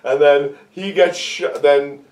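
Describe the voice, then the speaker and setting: A man chatting casually about a movie, acting out scenes with yelps and shouted sound effects. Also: a little high, steady tone, slow, distant mic. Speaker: podcast co-host discussing a movie. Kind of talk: casual chat.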